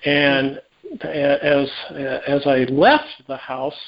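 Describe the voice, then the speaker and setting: Animated storytelling private investigator, man. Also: medium pitch, takes it slowly. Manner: animated, acts out quoted dialogue, many restarts. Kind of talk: conversational storytelling interview. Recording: dull lo-fi audio.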